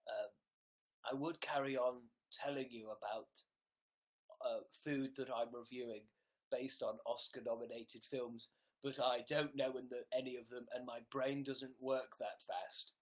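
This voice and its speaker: Young guy, silly livestream host reading comments, unhurried pace. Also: medium pitch, fairly even intonation. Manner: silly, playful.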